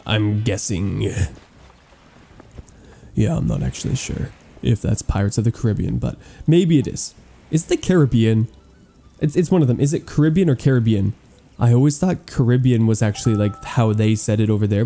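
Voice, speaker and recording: A man giving excitable, gushing gameplay commentary as he tours a game island, cracking playful puns. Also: mid-range voice. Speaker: gaming YouTuber touring an island.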